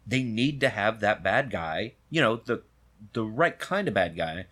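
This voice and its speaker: Low-voiced man chatting thoughtfully. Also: animated, a little slow, a bit bright. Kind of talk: casual podcast chat.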